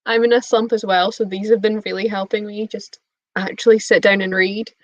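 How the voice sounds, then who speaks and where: A woman's voice: medium pitch, flat delivery, a little fast, no echo. A young woman chatting casually on a live stream, bubbly and giggly as she answers her chat. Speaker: booktube streamer. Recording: dull lo-fi stream audio.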